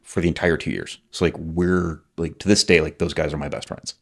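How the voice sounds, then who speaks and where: Man in his 40s, very low voice, loose rambling storyteller who swears a lot. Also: steady tone, a little fast, vocal fry. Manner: rambling, leans on "like" fillers, swears freely. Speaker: podcast guest, military veteran. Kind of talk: casual conversational storytelling.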